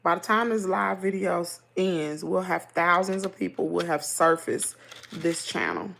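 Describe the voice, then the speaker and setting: A middle-aged woman with a Southern American accent hosts a livestream, chatting casually and reading viewer comments in a lively, talkative way. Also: lowish voice, moderate pace, vocal fry, slight background noise. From Southern United States. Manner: chatty, animated, laughs easily. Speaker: livestream host.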